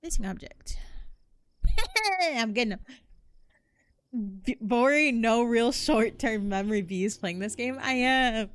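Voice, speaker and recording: A young woman streams a horror game, her voice on the high side, expressive, smooth, and slow, with frequent pauses in a dry recording. She chats casually to her viewers in slang, swears, and shrieks whenever something startles her.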